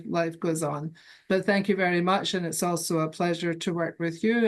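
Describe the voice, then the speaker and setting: An older woman with a Scottish accent, giving a keynote talk in a measured, gracious manner over a video call. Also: on the low side. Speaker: keynote speaker. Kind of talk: formal talk to an online meeting.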